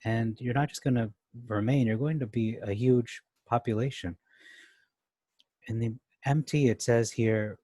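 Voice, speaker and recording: A man's voice: on the low side, fairly even intonation, a little slow, warm tone, no room sound. A man teaching through a Bible chapter, thinking aloud as he reads and explains verses, comparing translations. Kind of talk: casual Bible study commentary.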